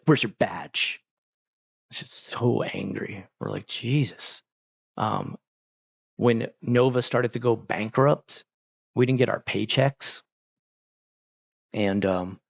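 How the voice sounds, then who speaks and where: Man, rambling casual chat, storytelling with lots of fillers, slightly low voice, muffled lo-fi sound. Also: creaky, no room sound. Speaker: streamer.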